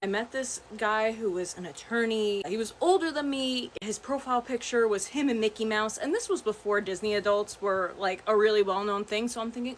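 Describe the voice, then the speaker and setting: A young adult woman telling a chatty, animated dating story, vlog style, full of "like" and "right?". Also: a little high, normal speed, slight background noise. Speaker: vlogger.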